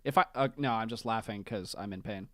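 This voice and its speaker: A podcast host on a call, chatting casually, animated and profane, laughing often. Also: medium pitch, brisk, dry recording, clean studio sound. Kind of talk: casual chat.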